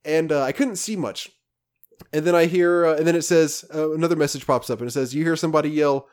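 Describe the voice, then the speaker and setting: A man with a slightly higher voice chats casually as a podcast co-host. He tells his game story in a rambling, animated way, restarting his sentences often. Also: fast, clean tone. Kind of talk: casual chat about video games.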